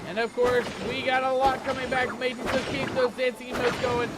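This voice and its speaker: A man's voice: very high voice, monotone, normal speed, over loud music. A man streaming a cozy game, talking to his chat in a playful pirate-themed showman manner. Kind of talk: hyped live game stream commentary.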